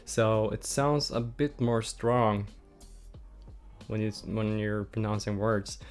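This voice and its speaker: Man, casual streamer, slow rambling talk, gropes for words. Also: fairly low pitch. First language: Norwegian. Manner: relaxed, rambling, searches for words. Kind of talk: casual chat with viewers. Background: faint background music.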